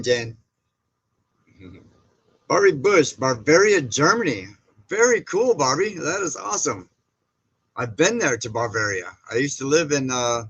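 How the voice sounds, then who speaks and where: A man hosts a casual livestream, greeting viewers by name and reading their comments aloud as he chats. His mid-range voice is bright and forceful, and the recording is rough. He rambles, with frequent fillers and restarts.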